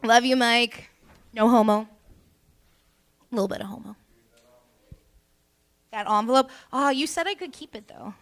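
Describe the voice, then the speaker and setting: A young Canadian woman hosts a comedy cabaret, trading crude, teasing, rambling stand-up banter. Her voice is fairly high and a bit bright, and she speaks at a measured pace with frequent pauses.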